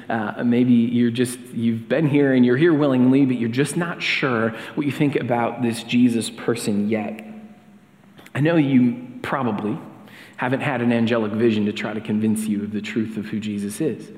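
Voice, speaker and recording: Casual pastor preaching in an echoey hall. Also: male voice, mid-range voice, steady tone, moderate pace, a little mellow. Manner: casual, chatty, with fillers and restarts. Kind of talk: sermon with a personal story. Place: church sanctuary. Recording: echoey hall with long reverb.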